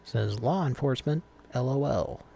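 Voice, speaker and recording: A man's voice: medium pitch, sing-song, moderate pace, vocal fry, mellow, a little hiss or hum. A man hosting a live call-in stream, chatting casually and rambling with fillers and restarts.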